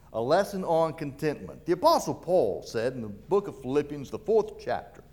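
A man's voice: mid-range voice, darkish tone. A man preaching a sermon, emphatic, repeating key phrases and asking rhetorical questions, growing fervent when he reads scripture.

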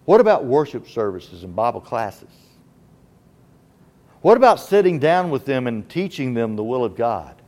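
A man's voice: mid-range voice, sing-song, moderate pace, a little mellow. A man preaching a sermon, asking rhetorical questions with emphatic delivery.

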